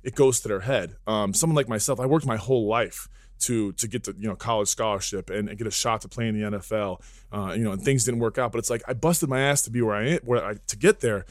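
Fast-talking blunt man, dry studio sound. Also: fairly low pitch, no room sound. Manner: blunt, joking, full of asides. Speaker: podcast guest, fitness entrepreneur. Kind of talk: casual podcast chat.

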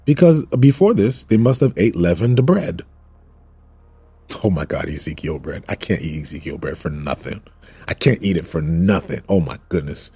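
This preacher's voice is low, mellow and husky, recorded dry. Teaching a Bible passage informally, he repeats words for emphasis and makes jokes and asides to those watching.

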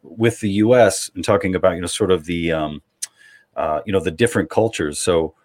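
New York man hosting, halting chat. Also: low voice. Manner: hesitant, many uhs and repeats, then punchy jokes. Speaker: podcast host. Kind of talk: casual chat.

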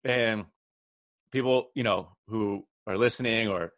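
In a casual podcast chat, a male host tells stories with energy, animatedly acting out quotes. His voice is on the low side and measured in pace, recorded with clean studio sound and no room sound.

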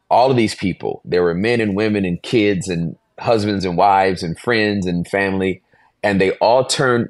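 Brief: man in his forties, very low voice, dry close sound, animated podcast storyteller. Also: no room sound. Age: 40s. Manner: animated storyteller, acts out voices, laughs often. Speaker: pastor, podcast guest.

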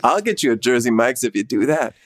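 A man's voice: mid-range voice, big pitch swings, brisk, natural voice. Man doing a weepy, theatrical vintage shop owner, self-pitying, melodramatic comedy character. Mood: dramatic.

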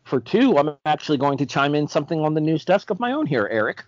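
A man hosting a casual sports podcast, chatty and quick to joke, on dull, dry lo-fi audio. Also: a little high, very animated, a little mellow, no echo. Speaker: host.

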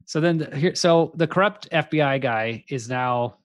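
A man casually recapping a movie on a podcast, animated and crude, jumping into quick voices for the characters. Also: fairly high pitch, dry recording, clean studio sound. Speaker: podcast co-host.

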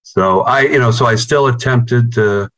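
Chatting casually over a video call, a middle-aged man from New York who plays guitar in a band tells profane, rambling stories and repeats words. His mid-range voice is a bit bright and moves at a normal speed.

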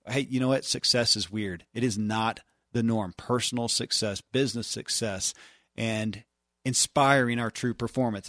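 A man's voice: medium pitch, no room sound, clean studio sound. A middle-aged man hosting a show, speaking earnestly in a reflective, storytelling way with frequent restarts. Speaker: podcast host. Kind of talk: casual reflective commentary.

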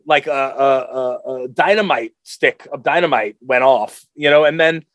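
A man's voice: fairly high pitch, moderate pace, fairly bright tone, no room sound. A middle-aged man co-hosting a podcast, chatting casually and rambling, laughing often and acting out voices. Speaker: podcast co-host. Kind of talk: casual comedic chat.

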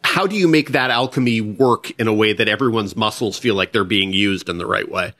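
A man's voice: fairly low pitch, a little fast, fairly bright tone. A man hosting a podcast, asking long, thoughtful questions of a guest. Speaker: podcast host. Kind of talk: interview questions.

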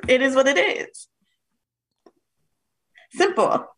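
A woman's voice: high voice, animated, slow pace, fairly bright tone, slight background noise, low-quality recording. A woman co-hosting a podcast, making her case in assertive casual debate and explaining at length. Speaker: podcast co-host.

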